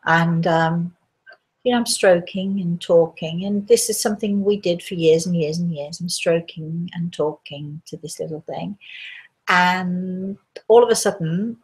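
In a fairly low, unhurried voice, a spirit medium hosts a live talk, sharing stories and fielding viewers' questions in a conversational way. Her speech is hesitant, full of fillers and restarts.

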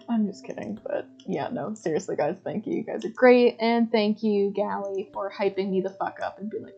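A woman's voice: medium pitch, animated, normal speed, gravelly, warm tone, breathy edge, lo-fi sound. A woman streaming a puzzle game live, talking casually, often puzzled, swearing and laughing as she reads chat aloud. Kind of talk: casual live gameplay commentary.

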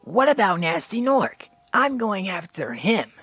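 A man's voice: high-pitched, sing-song, unhurried, fairly bright tone, husky, no room sound, pitched above the performer's own voice, exaggerated voice. A teenage boy voicing a plucky young male dragon from a video game in a raised, eager voice. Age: teen.

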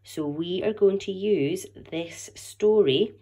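A woman's voice: mid-range voice, slow, hardly any pauses, mellow. A Scottish woman, a primary school teacher, patiently explaining a letter-writing lesson to young children. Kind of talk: online lesson and story read-aloud.

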